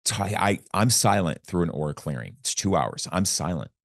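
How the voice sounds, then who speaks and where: A man with a notably low voice speaks as a podcast guest, recounting a personal story with earnest intensity. He often slips into retelling conversations line by line. The sound is dry and close. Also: animated, normal speed, vocal fry, no echo.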